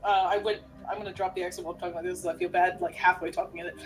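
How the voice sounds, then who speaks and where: A woman's voice: on the low side, flat delivery, rapid-fire, rough recording. Giggly swearing woman chatting at a game table. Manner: giggly, swears freely, lots of ums. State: tipsy from beer. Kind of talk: casual out-of-character chat.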